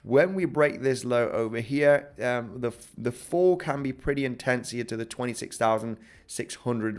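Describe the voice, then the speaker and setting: A man with an English accent hosting a live crypto trading stream, talking through charts and chat comments with lots of "okay?" and "right?". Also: medium pitch. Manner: chatty, fillers and repeated "okay?", "right?". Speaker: crypto trading livestream host. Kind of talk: live market analysis reading chat.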